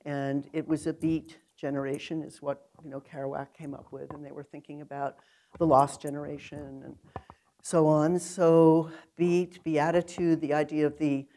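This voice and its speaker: An older woman with a low voice, speaking as a guest poet at an onstage conversation. She rambles and digresses easily, drifting from one thought to the next and laughing often as she talks. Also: level tone, moderate pace, mellow. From New York City. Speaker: interviewed poet.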